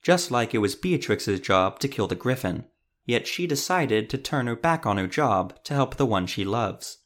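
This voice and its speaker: An earnest male troubadour with a gentle sense of principle, as a storyteller puts him on. He speaks in a heartfelt, declaiming way. It suits a fantasy audiobook. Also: mid-range voice, lively intonation, moderate pace, natural voice.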